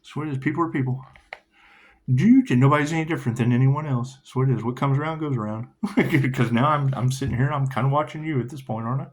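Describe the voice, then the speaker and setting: A man giving a casual tarot reading, rambling and profane, laughing often. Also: fast talker. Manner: rambling, profane, laughs often, reads card text in a lilting high voice. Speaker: tarot reader.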